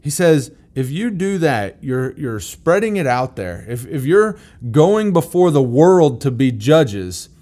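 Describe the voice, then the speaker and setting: A man's voice: a little high, sing-song, slow pace, hardly any pauses, mellow. A man teaching through a Bible passage in a conversational, plain-spoken way. He is emphatic and repeats key phrases to drive them home.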